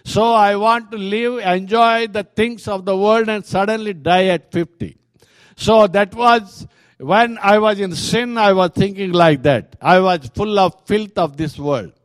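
An earnest Indian man gives his testimony in a sermon, speaking in a high voice. He talks slowly and in halting bursts, often restarting mid-sentence. The sound is dry and close. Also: dry recording. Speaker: preacher.

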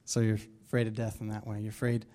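A man's voice: lowish voice, completely flat delivery, quick pace, warm tone. A man leading a Bible study, preaching casually with many fillers and restarts. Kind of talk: casual sermon.

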